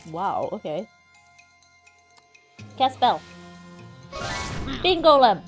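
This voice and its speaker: A woman's voice: medium pitch, very slow, music in the background. A young woman live-streaming a game, chatting casually and swearing freely as she talks to her viewers. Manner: animated, swears freely, talks straight to chat. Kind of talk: casual gaming stream chat.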